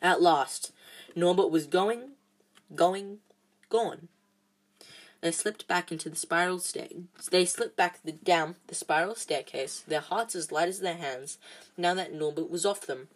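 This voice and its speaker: A woman reading a novel aloud chapter by chapter, halting often with restarts and fillers. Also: on the low side. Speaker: storybook reader.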